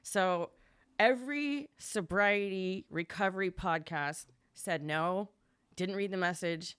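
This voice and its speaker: A woman's voice: fairly bright tone, smooth. Chatty woman guest telling her story. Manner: chatty, fast, acts out quotes in a higher voice. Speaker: podcast guest. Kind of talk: casual storytelling interview.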